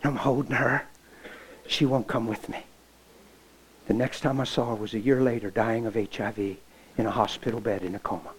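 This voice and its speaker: A man's voice: mid-range voice, fairly even intonation, moderate pace, long pauses, rough recording. A middle-aged male pastor preaching, telling a personal story with feeling and acting out the dialogue, often dropping to a near whisper. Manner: emotional, acts out dialogue, drops to near whisper. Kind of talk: sermon storytelling.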